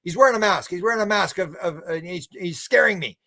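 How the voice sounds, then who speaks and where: A man raising his voice to play a rattled former preacher, lifted well above his own register. The man describes his vision breathlessly and anxiously. The voice stays at an even loudness. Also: high voice, fast talker, pitched above the performer's own voice. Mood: aggrieved. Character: frightened man under regression, a former preacher.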